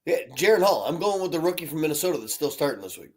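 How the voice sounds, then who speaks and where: A man's voice: big pitch swings, very fast, a little mellow. A man co-hosting a live podcast, teasing and crude in casual banter. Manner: crude, teasing, swings up and down in pitch. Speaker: podcast co-host. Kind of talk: casual live show chat.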